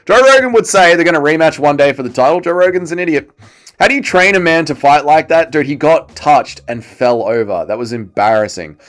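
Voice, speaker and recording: A man's voice: a little high, lively intonation, fairly quick, a bit bright. Mocking, foul-mouthed Australian man. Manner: profane, mocking, reads chat aloud. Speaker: livestream host. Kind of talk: casual fight-watching commentary.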